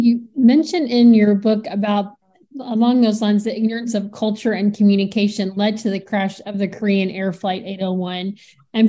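A woman's voice: mid-range voice, warm tone. A woman co-host of a podcast asking the guest to tell more about her book. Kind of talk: interview question.

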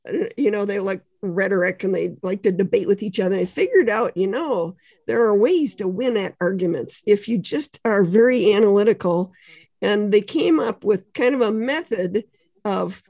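A woman guest on a podcast explains ideas in a conversational way, leaning on examples and casual asides. Her voice sits a bit high with a mellow, husky tone. The sound is close and dry. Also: dry recording. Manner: explains ideas with examples, frequent "you know" and small laughs.

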